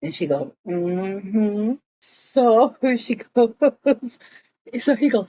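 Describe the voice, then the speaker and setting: A woman's voice: medium pitch, animated, extremely slow, mellow, dull audio, slight background noise. A woman casually recapping a TV episode, gossiping, acting out the characters' lines and cursing along the way. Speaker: show recapper.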